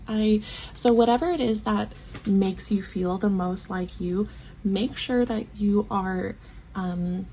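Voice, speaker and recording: A woman with a gravelly, mellow voice gives a casual tarot reading straight to the listener. She gushes affectionately, chats with frequent ums and repeated words, and sounds close to tears. A faint hiss sits under her voice. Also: medium pitch, takes it slowly. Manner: gushing and affectionate, calls the listener babe; emotional, near tears, laughs often. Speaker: tarot reader.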